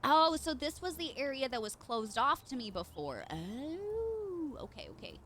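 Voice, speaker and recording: A woman's voice: high-pitched, sing-song, a little slow, a bit bright, slight background noise. A woman streaming a game live, chatting with her viewers and reacting as she plays. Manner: bubbly, chatty, reads chat aloud. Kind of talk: live gameplay commentary.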